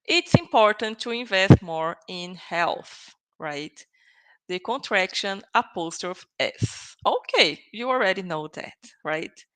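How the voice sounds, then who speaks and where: A woman whose first language is Portuguese gives a live online English grammar lesson. She speaks slowly and patiently, tagging her points with little check-ins, at a middle pitch. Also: expressive, fairly bright tone, clean tone, low-quality recording. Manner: slow, patient, checks in with "okay?" and "right?". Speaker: English teacher.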